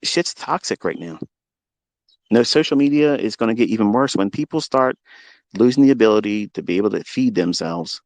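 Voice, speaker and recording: A man's voice: on the low side, expressive, moderate pace, darkish tone, dry recording. A man hosting a live audio room as a trading mentor, ranting in a profane, confrontational and boastful way. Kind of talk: unscripted live audio rant.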